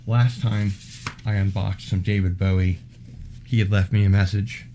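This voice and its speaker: A man hosting a casual unboxing video, talking in an unhurried way with wry asides. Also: fairly low pitch, level tone, mellow, slight background noise. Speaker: unboxing vlog host.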